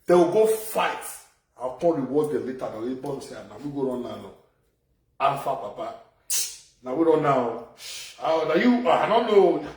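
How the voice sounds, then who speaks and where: A man with a Nigerian Pidgin accent rants in a loud, animated commentary with a high-pitched voice. He sits back from the mic in an echoey room, so his voice bounces around him. He repeats phrases as he drives his points home. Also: normal speed, distant mic. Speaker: social media commentator. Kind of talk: ranting live video commentary.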